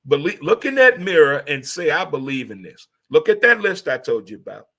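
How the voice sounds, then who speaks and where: A man from St. Louis hosting a casual monologue, animated and preachy, swearing freely as he gives pep talks. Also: on the high side, fairly quick. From St. Louis, USA. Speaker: host.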